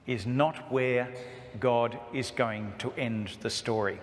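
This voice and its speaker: A priest from Australia giving an emphatic talk to a parish, with humor and stories woven in. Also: male voice, medium pitch. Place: church. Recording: echoey church hall reverb.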